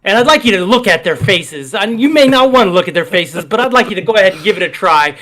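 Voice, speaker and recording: A man's voice: high-pitched, lively intonation, fast, sharp tone. A man hosting a casual livestream show, rambling and riffing in a playful, self-mocking way. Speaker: host.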